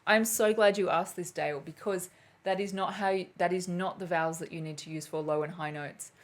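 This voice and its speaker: A woman teaching flute in a live stream, talking in a loose, chatty way. Her voice sits a little low for a woman, and she laughs at her own slips as she works through viewers' questions. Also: fairly even intonation, brisk. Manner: chatty, laughs at herself, loses her train of thought. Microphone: camera mic on a live stream.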